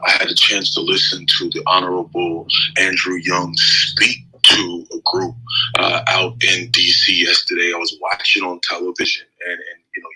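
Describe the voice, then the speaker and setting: A man's voice: low voice, monotone, moderate pace, bright, forceful tone, a little hiss or hum, low-quality recording. A man speaking in an audio chat room in a reflective, inspired way.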